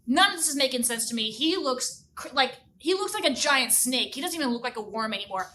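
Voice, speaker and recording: A woman telling a silly children's story as a music teacher, animated, with sung sound effects and big exclamations. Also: high voice, brisk, hardly any pauses, distant mic, a little hiss or hum.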